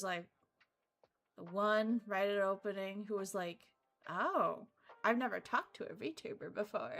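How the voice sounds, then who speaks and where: A young woman VTuber chatting casually, telling a story in an animated way, with frequent laughs and casual swearing. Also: a little high. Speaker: VTuber streamer. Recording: faint background music.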